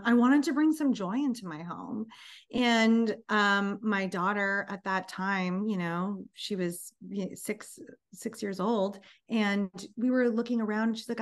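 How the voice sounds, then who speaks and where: A woman in her thirties, a business founder, telling her story in an interview with lively, acted-out dialogue. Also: fairly high pitch. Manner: animated, acts out dialogue in storytelling.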